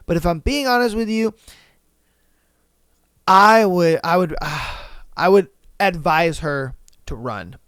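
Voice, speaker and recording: A young man with a high, smooth, clear voice hosts a solo podcast. He reacts in loose, slangy, profane talk and circles back to repeat his points with emphasis. The sound is dry and close, with no room around it. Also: lively intonation, slow pace, pauses often, a bit bright, no room sound. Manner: blunt, slangy and profane, often repeats himself; worked up and emphatic when ranting. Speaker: podcast host. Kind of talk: casual reaction commentary on reader stories.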